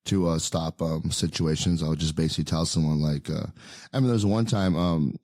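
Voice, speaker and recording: A man's voice: rumbling low, fairly even intonation, a little fast, darkish tone, no room sound, studio quality. A man in his thirties telling a story in casual podcast chat, rambling with many fillers and restarts. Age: 30s. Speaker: podcast co-host.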